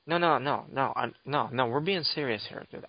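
A man's voice: mid-range voice, normal speed, a little hiss or hum. A young man hosting a podcast, chatting casually in a teasing, mock-offended, rambling way. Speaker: podcast host. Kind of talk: casual banter. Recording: dull lo-fi dry audio.

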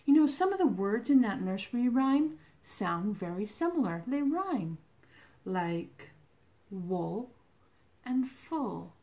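A woman librarian leading a toddler storytime from home, reading in an animated sing-song voice with exclamations and animal sounds. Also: on the high side, takes it slowly. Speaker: children's librarian.

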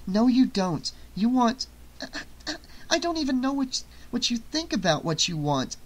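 A man's voice: very high voice, very animated, pitched above the performer's own voice, heavily acted. A man voicing a defiant, impatient young woman in an audiobook, arguing and pleading in turn. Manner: pleading then snapping, quick to argue. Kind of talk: audiobook character voice.

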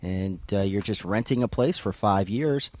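A middle-aged man with a fairly low voice, speaking as an attorney guest on a radio show. He explains in a measured, unhurried way, dotted with uhs. The sound is dry and close, with no room echo. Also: a little mellow. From South Florida. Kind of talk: radio interview. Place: radio studio.

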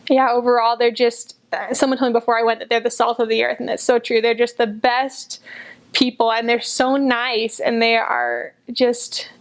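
A woman's voice: on the high side, little pitch movement, normal speed. A young woman, a returned missionary, talking earnestly and gushingly about people she grew fond of, often repeating herself. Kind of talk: casual personal reflection.

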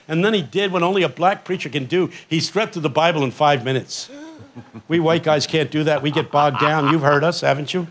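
An older man preaching a humorous, rhythmic sermon from a festival stage, imitating his congregation's shouts. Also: on the high side, moderate pace. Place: outdoor festival main stage.

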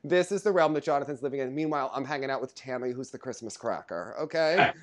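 A man's voice: medium pitch, fast talker. A man with a New Jersey accent, co-hosting a podcast and telling gossipy stories in a casual chat. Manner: animated, gossipy storytelling. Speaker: podcast co-host.

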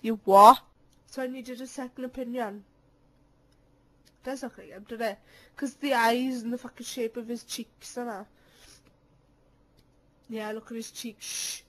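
A woman's voice: on the high side, fairly even intonation, measured pace, pauses often, a bit bright. A young woman recording casual voice clips into a handheld mic at home, giggling, swearing and teasing playfully. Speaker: voice clip maker. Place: cold room at home.

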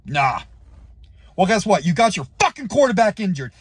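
Furious man ranting, high and swooping. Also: very animated, normal speed, husky, no room sound. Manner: furious, profane, ranting with shouted outbursts. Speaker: YouTuber and football fan. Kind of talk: angry fan rant to camera.

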